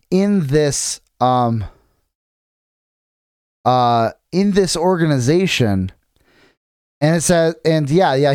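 A rambling, talkative man recaps a book on a podcast in a fairly high voice. He keeps restarting his sentences and reads bits of the text aloud. The sound is close and dry. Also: a little mellow, clean tone, dry recording. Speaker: podcast co-host. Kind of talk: casual chat recapping a book.

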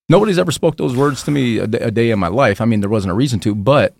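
A man, a podcast guest, candidly telling a painful personal story in a halting, emotional way, often repeating his words. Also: medium pitch, vocal fry, a little mellow, no echo.

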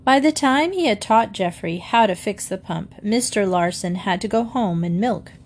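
A woman reading a children's book aloud to listeners in a gently expressive way. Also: mid-range voice, normal speed. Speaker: storyteller.

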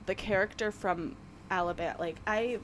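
A woman's voice: medium pitch, moderate pace, over music. A woman from New York, co-hosting a podcast in casual chat, rambling and laughing often. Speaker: podcast co-host.

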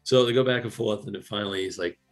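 A man with a lower voice retells comedy film scenes in a casual chat, laughing and acting out the characters' lines. Faint music sits underneath. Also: fast talker. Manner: animated, laughing, acts out quotes.

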